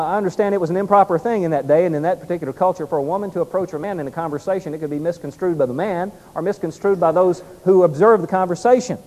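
A man's voice: high voice, mellow, in a large hall, low-quality recording. A man preaching a sermon with emphatic delivery, swelling and dropping his volume for effect.

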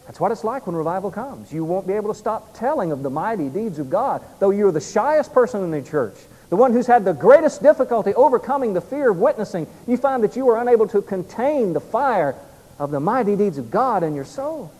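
High-voiced man preaching in a reverberant hall. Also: lively intonation, normal speed, a little mellow. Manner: emphatic, rising and falling in volume for effect. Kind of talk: sermon.

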